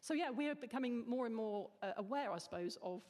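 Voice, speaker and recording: A woman's voice: a little high, lively intonation, fast, a little mellow. A woman chemist explaining in a casual panel chat, laughing now and then. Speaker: atmospheric chemist guest. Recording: reverberant hall.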